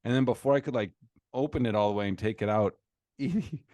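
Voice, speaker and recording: A man's voice: mid-range voice, fast, dry recording. A man in his thirties co-hosting a podcast, telling a family story in casual chat and acting out the quoted voices. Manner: animated storyteller, acts out quotes in raised voices. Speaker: podcast co-host.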